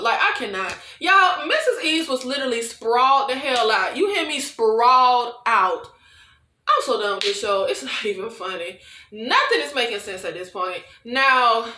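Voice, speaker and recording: A high, lively woman's voice, swinging up and down as she recaps an episode in disbelief. Her tone is bright and sharp, and she talks to her viewers like old friends. The sound bounces around an echoey room. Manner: animated, exasperated and incredulous, addresses viewers as y'all. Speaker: show recapper. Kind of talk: casual review and recap.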